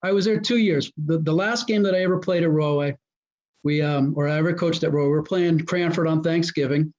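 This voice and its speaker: Guy, ex football coach telling stories, acts out the quotes, kinda high voice, muffled lo-fi sound. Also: fairly quick. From New Jersey. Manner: animated storyteller who acts out quoted dialogue. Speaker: guest, former high school football coach. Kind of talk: casual storytelling interview. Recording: muffled lo-fi audio.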